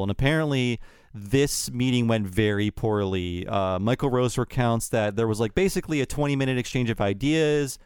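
A man's voice: medium pitch, normal speed, darkish tone, smooth, dry recording. A man co-hosting a podcast, recounting studio history in a casual, conversational way. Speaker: podcast co-host. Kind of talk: casual chat.

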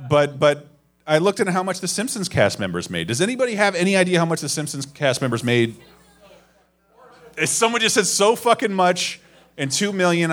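A man's voice: mid-range voice, fairly bright tone. A man hosting a live podcast in front of an audience, rambling and self-deprecating, with plenty of swearing. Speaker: podcast host. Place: live show before an audience.

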